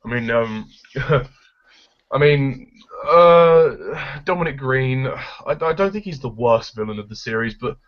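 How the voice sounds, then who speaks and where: A man's voice: medium pitch, lively intonation, a little slow. A man giving his blunt, opinionated take on a film in a casual discussion. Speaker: film reviewer. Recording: dull lo-fi recording.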